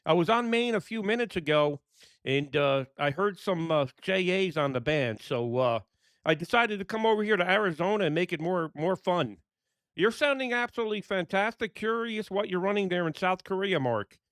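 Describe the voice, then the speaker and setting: Upbeat radio amateur, a bit high-pitched, dry and close. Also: male voice, lively intonation, fairly bright tone, clear, resonant tone, no echo. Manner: upbeat, enthusiastic, brisk call signs. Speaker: ham radio operator. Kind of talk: radio calls and casual chat. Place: home room in New York.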